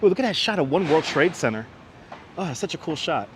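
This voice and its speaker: A man's voice: on the high side, big pitch swings, fairly quick. A man hosting a live stream as he walks through city streets, chatting and greeting viewers by name while reading the chat aloud. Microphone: wireless clip-on mic. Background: faint street and traffic noise.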